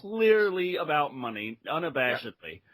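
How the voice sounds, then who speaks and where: Man, slightly high pitch, dry mock-highbrow humor. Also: big pitch swings, moderate pace, a bit bright. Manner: wry, mock-pretentious joking. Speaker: podcast panelist. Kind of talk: casual film chat.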